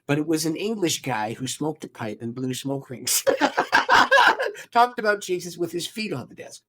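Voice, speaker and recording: A man, a pastor, telling his life story in an interview, animated and acting out the people he quotes. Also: fairly high pitch, a little slow.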